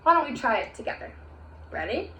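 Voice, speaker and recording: A woman's voice: on the high side, sing-song, measured pace, a bit bright. A young woman teaching a recorded music lesson to children, chanting rhymes in an encouraging, sing-song voice. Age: young adult. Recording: echoey room with faint hiss.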